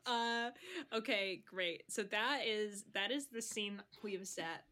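A woman narrating a tabletop role-play game as game master, laughing often and talking in a halting, chatty way. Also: mid-range voice, sharp tone.

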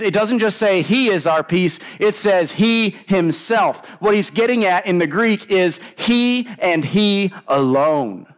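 A male pastor preaching a sermon, deliberate and emphatic, repeating key phrases and putting questions to the congregation. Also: fairly high pitch.

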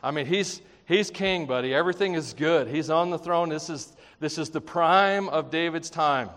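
A man with a fairly high voice delivers a lively, conversational sermon, breaking into playful acted quotes and jokes. His voice rings out with a long reverb tail, as if filling a large hall. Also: normal speed. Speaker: pastor.

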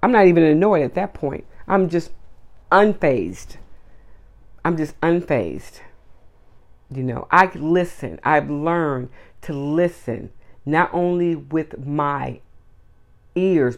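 A woman's voice: low voice, lively intonation, takes it slowly, pauses often. A woman hosts her own solo podcast and speaks her mind in a blunt, emphatic way. She hammers home her points by stringing repeated words one after another. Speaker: podcast host. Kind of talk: solo opinion podcast monologue.

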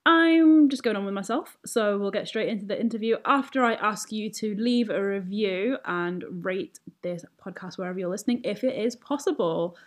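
Woman podcast host, chatty, self-correcting, mid pitch. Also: normal speed, few pauses. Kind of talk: casual podcast intro and interview.

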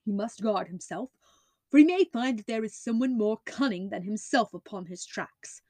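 A woman's voice: medium pitch, expressive, normal speed, mellow, no room sound. A woman doing a cool-headed male detective. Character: keen, commanding male detective, calm and cool.

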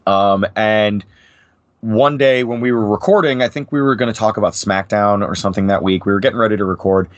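A man's voice: on the low side, fairly quick, no echo, muffled recording. Profane rambling American man. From New Jersey, USA. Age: 30s. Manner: profane, rambling, lively impressions. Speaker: podcast guest. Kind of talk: casual chat.

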